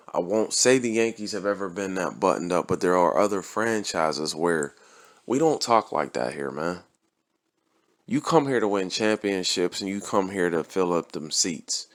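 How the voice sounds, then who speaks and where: A man's voice: sits low, fairly bright tone. A man hosting his own channel, delivering a blunt, preachy opinion rant in slangy, repetitive casual talk. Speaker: channel host.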